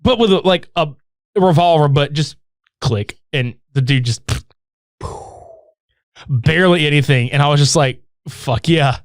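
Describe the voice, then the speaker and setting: A man tells a movie's story in loose, profane chat, his pitch bouncing high and low as he acts out the characters. His voice sits a little high for a man and sounds close and dry. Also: measured pace, pauses often, no room sound. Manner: animated, swearing, acts out characters' lines. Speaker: movie recap podcaster.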